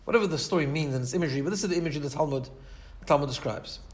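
Racing through his sermon, a Torah teacher tells a long, heartfelt story in a slightly higher-than-usual male voice. He keeps restarting and repeating words as he goes.

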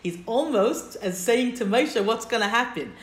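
A woman's voice: on the high side, animated, normal speed. A woman teaching a text-study class, explaining step by step and checking in with her listeners. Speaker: Torah teacher. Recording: roomy echo.

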